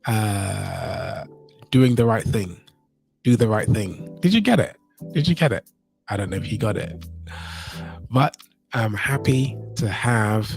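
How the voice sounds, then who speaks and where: A man's voice: lowish voice, vocal fry, darkish tone. A man hosting a casual livestream from his home, upbeat and chatty, greeting his viewers over and over, recorded on a phone. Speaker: livestream host.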